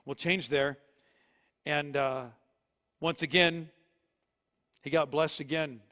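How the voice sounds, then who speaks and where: A man preaching a sermon in a lively, chatty way, breaking into loud bursts. His voice sits a little high, and it rings with the long reverb of a church hall. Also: slow. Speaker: pastor. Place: church sanctuary.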